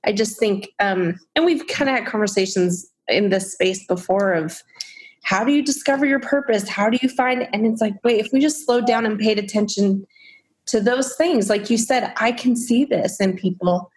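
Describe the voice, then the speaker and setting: A woman's voice: medium pitch, normal speed. A woman hosting a faith podcast, asking reflective questions and affirming her guest. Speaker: podcast host. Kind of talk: conversational interviewing.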